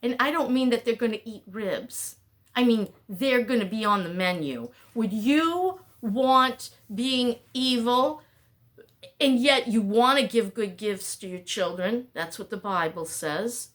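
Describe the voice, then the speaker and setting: A woman's voice: fairly high pitch, a little slow, a bit bright. A middle-aged woman vlogging at home in a rambling, chatty way, often breaking off her own thoughts. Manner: rambling, chatty, frequent self-interruptions. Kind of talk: casual talking-head chat.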